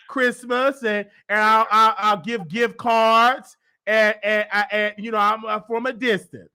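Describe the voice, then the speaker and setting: A man's voice: sits high, fairly even intonation, a little slow, bright, forceful tone, clean tone. A man hosting a casual comedy talk show, talking in a boastful, over-the-top way. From Chicago. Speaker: show host.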